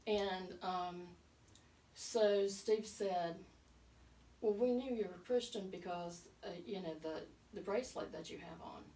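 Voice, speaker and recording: A woman's voice: medium pitch, measured pace, dark tone. A middle-aged woman, a guest telling her personal story in a casual chat, earnest and emotional, with many fillers. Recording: roomy, from a distance, faint ambience.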